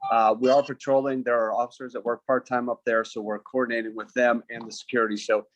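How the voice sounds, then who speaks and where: A man's voice: medium pitch, level tone, quick pace, lo-fi sound. A man who commands a police district, giving a formal, briefing-like update in an online community meeting. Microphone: video call.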